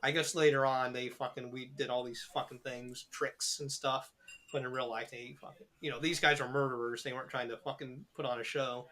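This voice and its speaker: A man's voice: mid-range voice, flat delivery, brisk, sharp tone. A young man co-hosting a podcast in casual chat, rambling and joking with heavy profanity. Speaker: podcast co-host.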